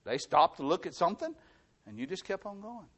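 A middle-aged male pastor delivering a sermon in a voice that sits high for a man. His pitch rises and falls widely as he preaches. He hammers his points home by repeating them and swings between loud, emphatic lines and hushed ones. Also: very animated, brisk, husky.

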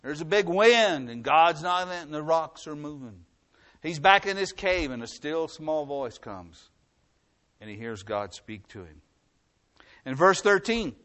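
A male preacher with a slightly raised pitch reads scripture aloud in a sermon. He pushes some lines out loudly and then drops to near-quiet asides. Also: expressive, measured pace. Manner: swings from loud emphatic reading to quiet asides.

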